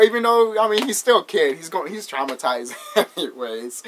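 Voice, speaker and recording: A man's voice: high-pitched, a little slow, fairly bright tone. Rambling, swearing man recapping a movie. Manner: rambling, swears a lot, laughs while retelling. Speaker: movie reviewer.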